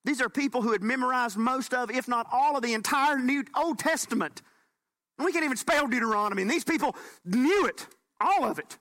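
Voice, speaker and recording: A man pastor preaching a sermon, animated and folksy with bits of humor. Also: extremely high pitch, brisk.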